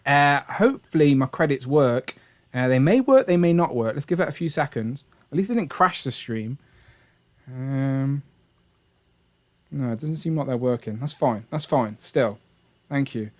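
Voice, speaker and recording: A man's voice: medium pitch, lively intonation, measured pace. A man hosting a casual livestream, upbeat and rambling, laughing often. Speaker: livestream host.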